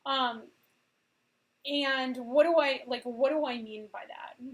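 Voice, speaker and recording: Woman in her forties, high voice, casual motivational talk, conversational, keeps asking "okay?". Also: takes it slowly, rough recording. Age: 40s. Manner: conversational, often checks in with "okay?". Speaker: veterinarian and coach.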